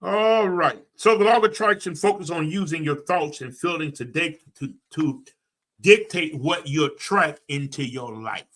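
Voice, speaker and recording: A man's voice: a little high, normal speed, a bit bright. A man, a personal development coach giving a preachy, emphatic motivational talk to a livestream audience, speaking folksy and direct.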